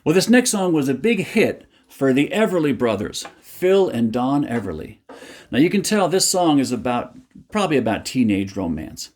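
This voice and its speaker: A man's voice: medium pitch, sing-song, normal speed, a little mellow. An older man hosting a music program, telling folksy, joking stories between songs. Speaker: radio-style music show host. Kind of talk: casual music show chat.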